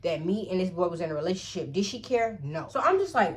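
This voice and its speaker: A woman vlogger telling a storytime tale in an animated, profane way, often calling out to her viewers. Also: on the low side, brisk. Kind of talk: storytime vlog.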